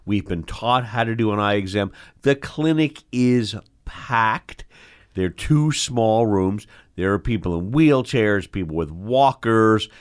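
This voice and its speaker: A middle-aged eye doctor hosting the show, with a fairly low voice, tells stories from his training in casual conversation. He's animated and expressive, acting out the scenes as he goes.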